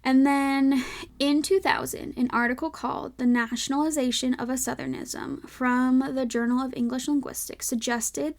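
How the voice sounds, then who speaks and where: In a high voice with a steady tone and normal speed, a young Southern American woman with a light accent runs her own casual podcast. Her talk is chatty, packed with "like," and dotted with self-correcting asides.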